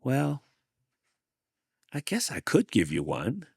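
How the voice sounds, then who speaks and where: A man voicing a grumpy male cactus who yells at everyone to keep away. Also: medium pitch, wildly swooping pitch, slow pace, creaky, husky, no echo, clean studio sound, voice pushed up, heavily acted. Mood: grudging. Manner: yelling, cranky, shooing everyone off.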